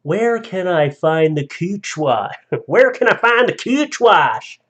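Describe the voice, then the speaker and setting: Man doing a loud, slow Southern woman shopper, pitched up and puzzled. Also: sing-song, full character voice. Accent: American Southern. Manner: loud, drawn-out, high mimicking voice.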